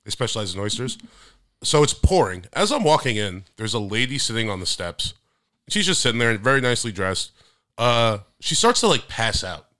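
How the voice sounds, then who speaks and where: A young man co-hosting a podcast, telling stories in a casual, animated way that gets loud and high when he is worked up. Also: moderate pace, dry recording, studio quality. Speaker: podcast co-host. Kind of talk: casual chat.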